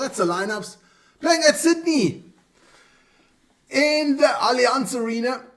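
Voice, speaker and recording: High-ish voiced guy chatting on his live stream, a bit far from the mic, tripping on names. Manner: chatty, stumbles over player names. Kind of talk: casual live-stream chat.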